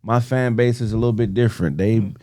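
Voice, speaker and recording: A man's voice: fairly low pitch, a little fast, dark tone, dry recording, studio quality. Joking man hosting a call-in show. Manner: joking, loose banter. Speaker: podcast host. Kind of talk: casual chat.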